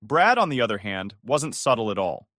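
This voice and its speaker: A man's voice: lowish voice, sing-song, normal speed, pushed and bright, no echo, studio quality. A man narrating a first-person revenge story in a dramatic, gossipy way.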